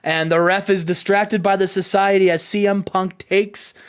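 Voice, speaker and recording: Southern guy, high voice, hyped storytelling, tripping over words. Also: moderate pace, clear, resonant tone. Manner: excitable, stumbling restarts, laughs often. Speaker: host narrating simulated wrestling results. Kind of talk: casual chat, play-by-play storytelling.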